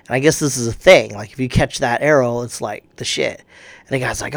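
Dude rambling thru a movie plot, cussing, doing the lines, dry close sound. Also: male voice, mid-range voice, brisk, no room sound. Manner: rambling, profane, acts out quotes. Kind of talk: casual movie recap.

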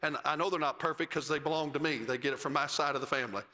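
A middle-aged man preaching a sermon, swinging between loud, high climaxes and low, quiet phrase endings. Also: steady tone, very fast, in a large hall. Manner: preaching cadence, rising to shouts and dropping low at phrase ends. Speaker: pastor. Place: church sanctuary.

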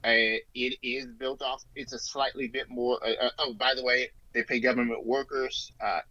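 A man's voice: medium pitch, little pitch movement, normal speed, pushed and bright, dry recording. A man co-hosting a podcast, talking through politics in a rambling, casual way with many fillers and restarts. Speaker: podcast co-host. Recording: dull lo-fi sound, dry.

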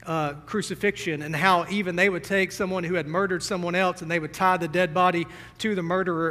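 Young male pastor, earnest sermon delivery, somewhat high voice, teary, long church reverb. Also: bright, forceful tone. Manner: earnest, emotional, addresses the congregation directly. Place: church sanctuary.

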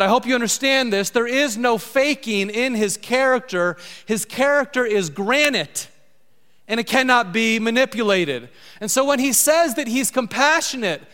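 A man's voice: extremely high pitch, pushed and bright. A middle-aged man preaching a sermon as pastor, emphatic and repeating key lines for stress. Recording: long hall reverb.

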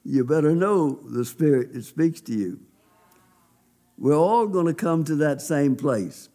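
Male pastor, slightly high voice, emphatic folksy testimony from the pulpit. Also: mellow. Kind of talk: sermon testimony.

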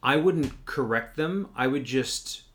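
A man's voice: mid-range voice, animated, fairly bright tone. Easygoing man in casual chat. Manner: measured, agreeable, frequent "mm-hmm" backchannels.

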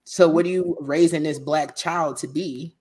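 A woman's voice: low voice, steady tone, moderate pace, darkish tone, breathy edge. A woman talking bluntly and with profanity in a casual podcast chat, telling stories. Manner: blunt, profane, storytelling with quoted voices.

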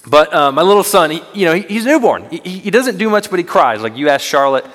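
A young male student minister preaches in an earnest, conversational way and pokes fun at himself. His voice sits fairly high for a man. The sound rings out with the long reverb of a large church sanctuary. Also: big pitch swings, quick pace, a bit bright. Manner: earnest, conversational, self-deprecating humor. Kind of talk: sermon.

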